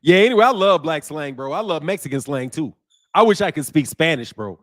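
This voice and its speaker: A man with a high voice hosts a boxing livestream and chats casually with his viewers. He is from Chicago and talks in loose, slang-heavy bursts. He laughs a lot and mimics the greetings of different cities. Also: expressive, fairly quick. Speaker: boxing channel host.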